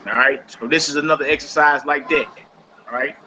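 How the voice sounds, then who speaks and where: Male teacher, slightly high and very bright voice, patient and repetitive, dull lo-fi sound. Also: fairly even intonation, fairly quick, a little hiss or hum. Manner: patient, repeats each instruction. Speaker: Hebrew teacher. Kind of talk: classroom instruction. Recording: dull lo-fi recording.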